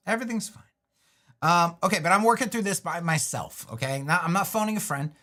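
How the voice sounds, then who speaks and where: A man's voice: a little high, lively intonation, brisk, bright, forceful tone. A man hosting a live web design stream, thinking aloud as he works, loose and talkative with frequent restarts and little jokes to himself. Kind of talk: thinking aloud while building a website live.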